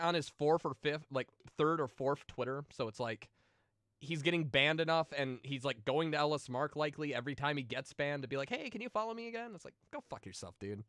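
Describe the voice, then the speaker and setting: Smooth-voiced man rambling on stream. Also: fairly high pitch, fairly bright tone, no room sound, studio quality. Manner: rambling, profane, with many fillers and restarts; emotional, sensitive. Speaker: streamer answering viewer questions. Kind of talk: casual livestream chat.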